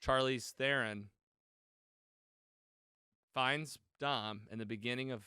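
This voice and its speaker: A man co-hosting a podcast, rambling through a movie recap with quoted lines and quick self-corrections. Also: on the low side, sharp tone, smooth, dry recording, clean studio sound. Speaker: podcast co-host. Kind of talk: casual movie recap chat.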